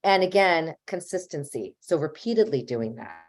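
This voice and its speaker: A woman's voice: low-pitched, animated, moderate pace, darkish tone. A woman family therapist speaking on a webinar panel, giving earnest advice to parents and sometimes acting out what a parent or child might say. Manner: earnest, advisory, acts out parent and child lines.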